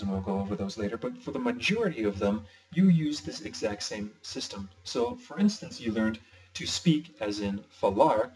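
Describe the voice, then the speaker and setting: In a screen-recorded lesson, a man explains language grammar step by step, patient and slightly playful. His mid-range voice sits far from the mic, and the recording quality is low.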